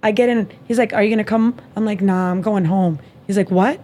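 A woman hosting a podcast, telling a dating story in casual chat, animated and profane, acting out both sides of the conversation. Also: medium pitch, brisk. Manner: animated, profane, acts out dialogue. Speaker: podcast host.

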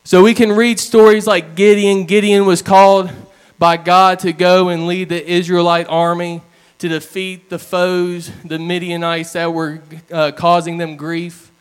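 A man delivers a sermon in a fairly high, smooth and clear voice. He tells his stories in an earnest, plain way, sometimes slowing down for weight. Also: little pitch movement. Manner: earnest storytelling with plain retellings. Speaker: preacher.

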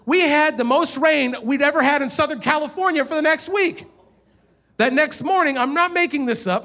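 A man in his thirties, a pastor preaching a sermon and telling a personal story with animated storytelling. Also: moderate pace. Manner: storytelling, animated, rising in pitch when telling of frustration.

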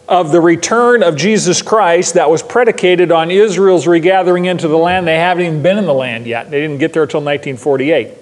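A pastor preaching a sermon in a church, stressing his points by repeating them. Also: on the high side. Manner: emphatic, repeats key lines for stress. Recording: long hall reverb.

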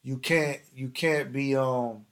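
A man's voice: mid-range voice, fairly even intonation, slow pace, fairly bright tone. A man telling stories in casual, slangy, profane chat as a podcast host, acting out other people's lines.

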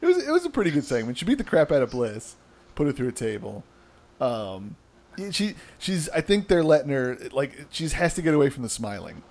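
A man's voice: medium pitch, huge pitch swings, a little fast, a little mellow. A young man with a New Jersey accent, hosting a podcast in casual, rambling chat, laughing often and swearing freely. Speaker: podcast host.

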